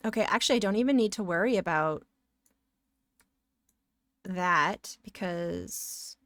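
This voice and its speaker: A woman's voice: lowish voice, measured pace, fairly bright tone, dry recording. A woman streamer chatting playfully and sassily with her viewers while she draws, giggling often. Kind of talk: casual live-stream chat while drawing.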